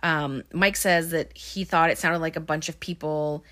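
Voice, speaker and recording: A woman walks through a film's plot in a loose, conversational recap, peppering it with ums and likes. Her voice sits a little low for a woman. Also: steady tone, normal speed, fairly bright tone. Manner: chatty, many ums and likes. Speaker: movie recapper. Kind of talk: casual movie recap narration.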